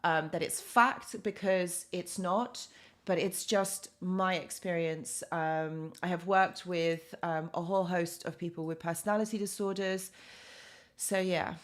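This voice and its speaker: A young woman talks casually to viewers as the host of a live Q&A stream. Her voice sits a little low, and she rambles through fillers and self-corrections as she shares her views from her work as a psychologist. Her voice comes through a webcam or desk mic. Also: a little slow. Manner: chatty, many fillers and restarts, reads out comments.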